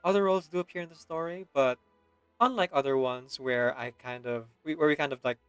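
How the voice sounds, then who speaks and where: Male streamer host, casual, laid-back, mid-pitched, faint background music. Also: a little fast, smooth, dry recording. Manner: relaxed, chatty, laughs often.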